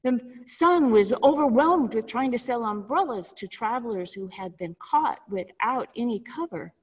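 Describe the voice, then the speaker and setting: A woman minister delivering a sermon with measured storytelling. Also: a little high, expressive, slightly rough, long reverb tail, low-quality recording.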